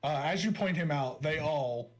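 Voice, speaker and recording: A man's voice: fairly high pitch, animated, normal speed. A man narrating a tabletop game as game master, casual and chatty.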